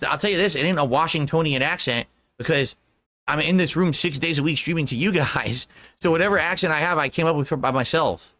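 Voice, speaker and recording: Casual male streamer, bright and cutting, rambling explainer, dry close mic. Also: mid-range voice, no echo. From Connecticut. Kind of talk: casual podcast chat.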